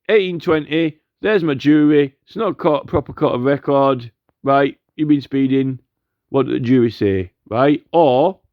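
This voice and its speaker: Guy ranting on and on, keeps saying right?, kinda high voice, dry dull audio. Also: dry recording. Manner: argumentative, repeats "right?" constantly. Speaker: commentator. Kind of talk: rambling monologue.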